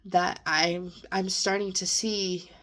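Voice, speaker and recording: A woman's voice: lowish voice, flat delivery, slow, fairly bright tone. A young woman talking earnestly in a personal vlog, sometimes close to tears as she encourages herself and her listeners. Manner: earnest, emotional, self-encouraging. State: near tears at times. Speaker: vlogger. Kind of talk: personal reflective monologue.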